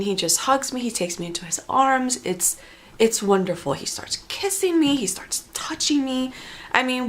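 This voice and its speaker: Woman telling a story in halting bursts. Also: medium pitch. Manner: dramatic, halting with repeats and restarts. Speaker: vlogger telling a personal story. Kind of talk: emotional first-person storytelling. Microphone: facing the camera.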